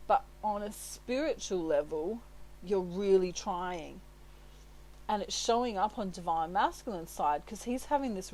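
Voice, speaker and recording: A chatty woman talks through a tarot reading at a middle pitch, like a relaxed one-on-one chat. She sounds reassuring, often breaks into laughter and keeps checking in with little tags. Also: rough recording. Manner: leans on tags like "right?" and "you know". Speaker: tarot reader. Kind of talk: casual spoken tarot reading.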